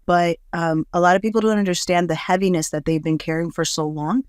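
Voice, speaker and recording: A woman's voice: on the low side, steady tone, a little fast, dry recording, clean studio sound. A woman hosting a podcast, talking casually and reflectively with frequent fillers. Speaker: podcast host. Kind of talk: casual conversation.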